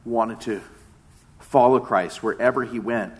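A man preaching a sermon, retelling a story with dramatic swings between loud emphasis and hushed tones. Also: mid-range voice, unhurried.

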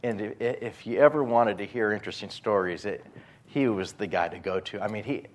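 A man's voice: fairly low pitch, fairly quick. A male pastor preaching a sermon in a conversational storytelling way, acting out the quotes.

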